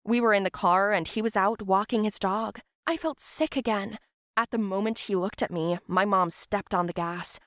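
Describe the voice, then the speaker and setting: A woman's voice: medium pitch, no room sound, studio quality. A woman narrating a first-person story and voicing all the other characters herself.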